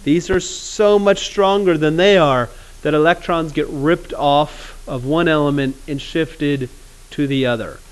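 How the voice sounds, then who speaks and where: A man teaching chemistry in a classroom, casual and joking, with awkward pauses. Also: fairly high pitch, smooth. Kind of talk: classroom lecture.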